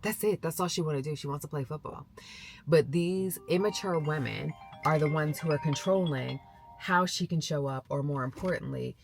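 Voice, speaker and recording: A woman's voice: sits low, normal speed, vocal fry, faint music behind. A middle-aged woman vlogger telling a story casually to the camera, acting out the voices of the people she quotes. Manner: animated, acts out quoted voices.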